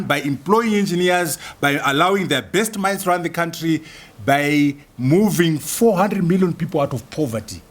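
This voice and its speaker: A man's voice: on the high side, breathy edge. A man from Zimbabwe, giving a university public lecture in an emphatic style, stacking up points in rhythmic lists and repetitions. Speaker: guest lecturer. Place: lecture hall.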